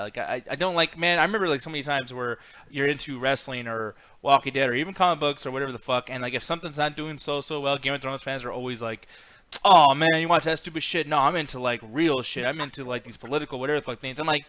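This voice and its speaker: Fast-ranting, bright-voiced man. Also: medium pitch, no room sound. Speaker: podcast co-host. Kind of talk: casual chat.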